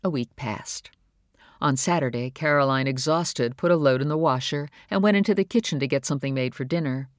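An audiobook narrator reads a script steadily at mid pitch and a fairly quick pace. The mic is super close and dry, with no room sound at all.

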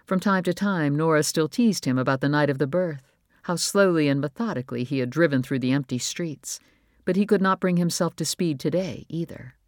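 A man reading a novel aloud in a measured, even storytelling voice. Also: a little high, dry recording, clean studio sound. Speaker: audiobook narrator. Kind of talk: scripted narration.

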